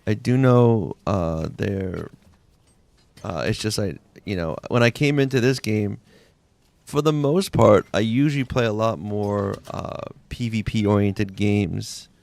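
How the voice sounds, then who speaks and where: Unhurried and on the low side, this man's creaky, slightly mellow voice carries his live game-stream chatter, which is laid-back, rambling, and slangy with frequent "like"s. There's no echo.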